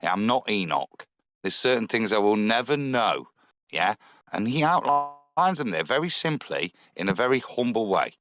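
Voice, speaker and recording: A man on a live panel who argues earnestly, often restarting his sentences. His voice sits somewhat low. The recording is dry and close to the mic. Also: big pitch swings, normal speed, a bit bright, no room sound.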